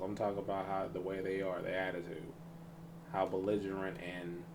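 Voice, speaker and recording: A man's voice: on the low side, noisy background. A man hosting a reaction video, giving blunt, slangy commentary in a casual way.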